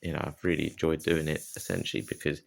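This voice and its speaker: Holding his phone while running by the sea, a young vlogger chats casually in a rumbling low, gravelly voice. He talks fast and expressively, with lots of fillers and a self-deprecating tone. There's no room sound.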